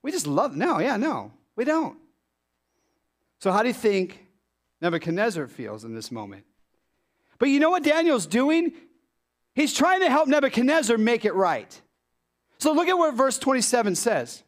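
A male pastor preaching a sermon to his congregation in an animated way. His high voice lifts on rhetorical questions and then drops low and quiet to stress a point. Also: moderate pace, pauses often.

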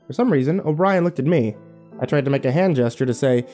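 A man narrating a first-person horror story in a wry, expressive way. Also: mid-range voice, fast talker, faint music behind.

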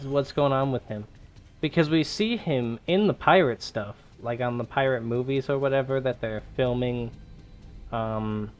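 A young man giving casual, rambling gameplay commentary, excitable and swearing now and then. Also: mid-range voice. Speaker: gaming YouTuber.

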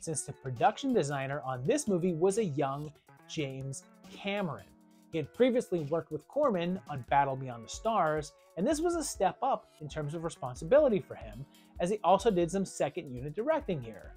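Horror review host, mid-pitch, animated and wry, faint music bed. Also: breathy edge. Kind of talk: scripted video review narration.

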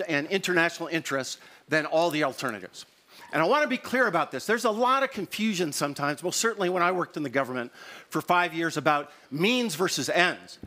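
A man's voice: high voice, pushed and bright. A middle-aged man giving an unscripted opening statement on a conference stage, candid and conversational, hurrying against the clock. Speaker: debater. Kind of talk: extemporaneous debate opening statement.

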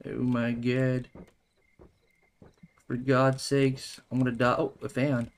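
A man's voice: medium pitch, little pitch movement, takes it slowly. A man giving jumpy, exclaiming gameplay commentary as a gaming YouTuber, calling out "bro" and "dude" as he plays.

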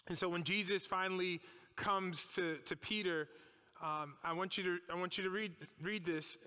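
A man preaches a sermon in a church, retelling scripture with drama and firing off rhetorical questions. His voice is high and bright, and every phrase rings on through the long reverb of the hall. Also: fairly even intonation, normal speed, clear, resonant tone.

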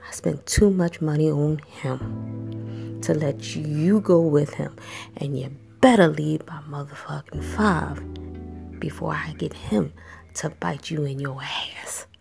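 A woman doing a gravelly scorned ex. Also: sits low, fairly even intonation, music in the background, heavily acted. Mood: scornful. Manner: cold, profane, slow, part whispered. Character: scorned woman dumping her partner by voicemail. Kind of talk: voicemail monologue in animation.

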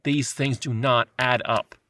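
A man co-hosts a movie review podcast with a bright, forward voice. He talks in an animated, sarcastic way and keeps slipping into mocking voices for the characters. The sound is dry and close. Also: mid-range voice, unhurried, no echo. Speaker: podcast co-host. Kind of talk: casual movie review chat.

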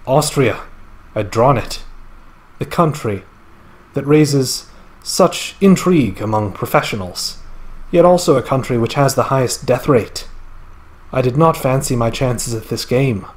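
A man reading a male player's game report aloud in a deliberately bad put-on Scottish accent that drifts into other accents. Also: medium pitch, animated, close to an everyday voice. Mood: reflective. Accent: put-on Scottish, slipping into other accents. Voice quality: wavering mock accent, wry storytelling. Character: male Austrian player recounting his game.

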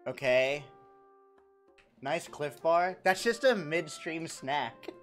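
A young man live-streaming in casual chat, animated and profane as he jokes back at his viewers. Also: fairly high pitch, slow, soft background music. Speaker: livestreamer.

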